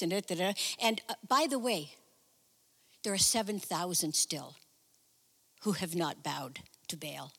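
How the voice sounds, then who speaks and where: A woman preaching a sermon, retelling a Bible story in a chatty, animated way with personal asides. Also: medium pitch, moderate pace. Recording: reverberant hall.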